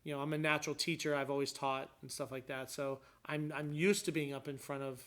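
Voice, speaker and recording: A man in casual conversation with a somewhat high voice. He rambles with frequent restarts and builds to emphatic points. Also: little pitch movement, brisk, a bit bright. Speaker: guest describing his court hearing.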